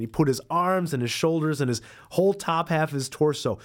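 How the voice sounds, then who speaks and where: A man's voice: a little high, moderate pace, few pauses. A man hosting a podcast, reading a travel story aloud and breaking off for wry, self-deprecating jokes. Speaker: podcast host and dairy farmer.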